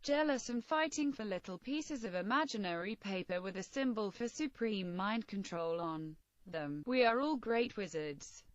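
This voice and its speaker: Woman narrator, mid-range pitch, earnest and intense first-person storytelling, dry and slightly muffled recording. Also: no room sound.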